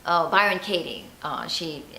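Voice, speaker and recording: A woman with a bright, lowish voice gives confidence advice straight to camera in a chatty, lively way. The room sounds echoey, with a faint hiss under her voice. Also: measured pace. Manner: chatty and animated, speaking straight to the viewer. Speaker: confidence coach. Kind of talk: motivational vlog talk.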